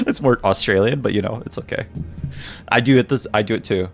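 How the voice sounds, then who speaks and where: A man's voice: lowish voice, a little fast, vocal fry, faint music behind. A man streaming a game, casually joking with chat and reading the game's dialogue aloud, now and then in a mock British voice.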